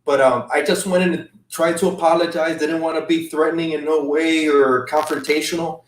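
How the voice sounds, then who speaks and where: A man as a guest, recounting an emotional trip in halting casual talk with many restarts. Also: on the high side, steady tone. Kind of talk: casual storytelling. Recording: roomy sound from a distant mic.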